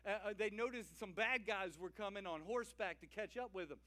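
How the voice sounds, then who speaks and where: Cajun pastor, high voice, lively call-and-response preaching. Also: male voice, a little fast. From Louisiana. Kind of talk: sermon. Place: church.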